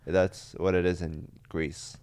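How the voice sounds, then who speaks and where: A man's voice: sits low, flat delivery, slow, a little mellow, smooth, dry recording. A man co-hosting a podcast in casual chat, joking and dropping into mock voices. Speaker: podcast co-host.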